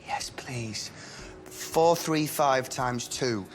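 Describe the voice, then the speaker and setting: A man's voice: mid-range voice, drawn-out words, a little hiss or hum. An actor playing a drunk, queasy student who slurs and fumbles his words. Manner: slurred, befuddled.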